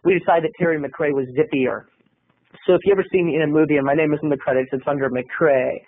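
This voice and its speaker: High tinny-voiced man telling a comic story. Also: steady tone, fast talker, slight background noise. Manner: over-the-top, dramatic storytelling. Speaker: comedy video blogger. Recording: tinny, phone-like, dry sound.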